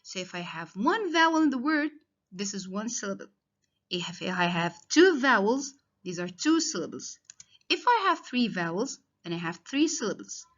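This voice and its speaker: A woman's voice: mid-range voice, very animated, normal speed, fairly bright tone. A woman, a primary school English teacher patiently explaining a lesson step by step to children. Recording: dull lo-fi sound.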